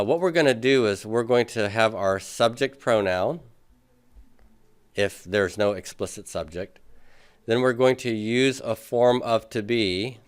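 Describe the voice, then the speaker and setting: A man's voice: medium pitch, clear, resonant tone. A man teaching a Greek grammar class, patiently working through examples at the board and asking his students questions. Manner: patient, thinks aloud with many fillers, asks students questions. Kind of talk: classroom lecture.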